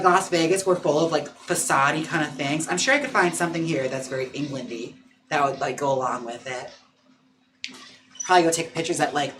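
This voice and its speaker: A man's voice: bright, forceful tone, a little hiss or hum. A man chatting casually and playfully on a livestream from home, laughing often and cooing at his dog. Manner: coos and coaxes his dog in a higher voice. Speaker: livestream host.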